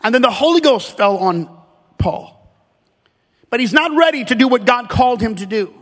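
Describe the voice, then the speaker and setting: High-voiced preaching man in echoing hall. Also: moderate pace. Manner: animated preaching with humor and emphatic repetition. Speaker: pastor. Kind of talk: sermon. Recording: long hall reverb.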